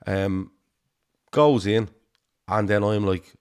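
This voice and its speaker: A man's voice: on the low side, animated, measured pace, long pauses, a little mellow, clear, resonant tone. A man hosting a football podcast, talking with many hesitant ums. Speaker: podcast host. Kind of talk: football chat.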